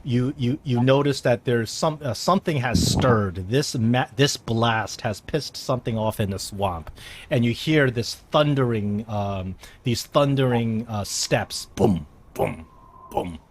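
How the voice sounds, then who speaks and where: Halting male game master narrating. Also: mid-range voice. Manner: halting, many fillers and restarts, laughs easily.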